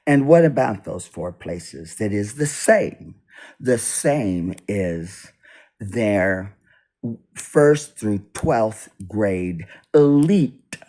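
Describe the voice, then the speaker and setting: A man giving an unscripted political monologue for his video, halting and restarting, his voice swinging between loud and soft. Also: medium pitch. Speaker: video blogger. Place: indoors, US east coast.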